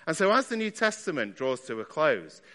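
A man's voice: a little high, very animated, a little fast, sharp tone, big-room sound. A man preaching a sermon in a church, talking conversationally and asking his listeners rhetorical questions.

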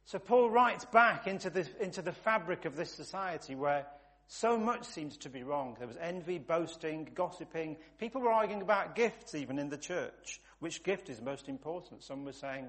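A man's voice: a little high, lively intonation, moderate pace, a bit bright. A man preaching a sermon in a conversational way, building long lists with emphatic repetition.

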